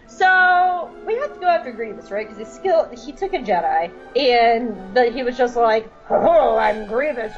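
A woman's voice: on the high side, dull audio. A woman giving a rambling, giggly comic recap, swearing freely and acting out characters' lines as she goes. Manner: rambling, giggly, profane storytelling. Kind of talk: comedic recap with quoted character voices.

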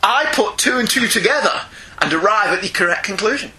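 High, lively podcast host. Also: male voice, fairly quick, rough recording. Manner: jokey, laughs often, teasing. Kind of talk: casual chat reading listener emails.

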